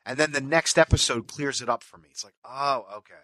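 A man's voice: mid-range voice, fast, a bit bright, no echo. A man co-hosting a casual podcast chat, rambling and swearing, often trailing off and restarting his sentences. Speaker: podcast co-host.

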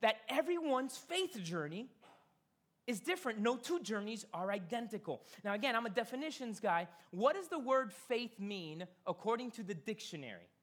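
A man giving a sermon as pastor in a church, talking casually and slowing down to stress key phrases. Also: high-pitched, sing-song, fairly bright tone. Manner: conversational, emphatic preaching with slowed key phrases. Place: church sanctuary.

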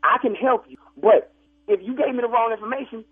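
A man on the phone playing a funeral home worker, defensive and exasperated as he tries to calm an angry caller. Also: extremely high pitch, fairly quick, slightly rough. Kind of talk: comedic phone argument. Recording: phone line.

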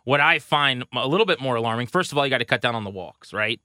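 A man co-hosting a baseball podcast, casually rattling off pitching stats with a wry edge. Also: expressive, quick pace, bright, forceful tone, no echo, clean studio sound. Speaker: podcast co-host. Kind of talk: casual sports talk.

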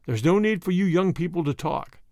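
A man's voice: high-pitched, lively intonation, a little fast, creaky, dark tone, dry recording, clean studio sound. A man voicing a stern older Boer commandant who speaks in a firm, authoritative way. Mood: brisk.

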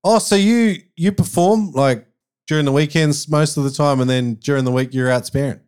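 A man's voice: a little high, moderate pace, darkish tone, clear, resonant tone. Upbeat man hosting a podcast. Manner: upbeat, chatty, laughs easily. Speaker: podcast host. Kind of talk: casual interview chat.

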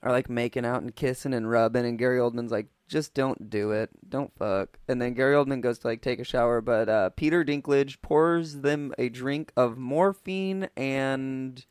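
Chill guy on a comedy podcast, wry, middle pitch, dry close mic. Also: moderate pace, hardly any pauses, clear, resonant tone, no echo. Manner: relaxed, wry, drops into quoted voices. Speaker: podcast co-host. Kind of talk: casual comedic movie recap.

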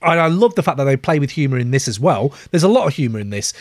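Excitable podcast host, animated voice. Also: male voice, medium pitch, fast talker, no echo, clean studio sound. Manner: excitable, laughs often, swears casually. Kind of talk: casual album-review chat.

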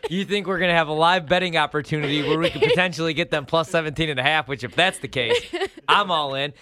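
A man's voice: on the high side, quick pace, noisy background. A man co-hosting a casual sports chat show, telling stories in a laid-back, chatty way. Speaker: co-host.

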